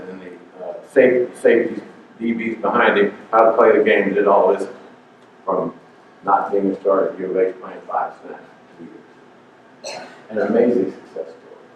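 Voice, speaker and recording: A man's voice: lowish voice, slight background noise. An older man giving an emphatic, preachy motivational talk as a guest speaker, repeating his points. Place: community center hall. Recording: echoey hall, far off, dull sound.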